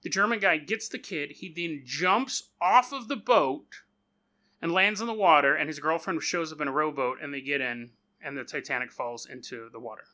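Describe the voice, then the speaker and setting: Fairly high-pitched and sharp in tone, this man speaks at normal speed as he hosts a podcast. He tells a story in a chatty, joking way, tossing in offhand asides.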